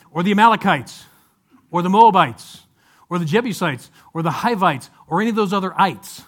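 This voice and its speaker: A pastor with a high-pitched, slightly bright voice preaches a sermon conversationally. He often turns to the congregation with rhetorical questions.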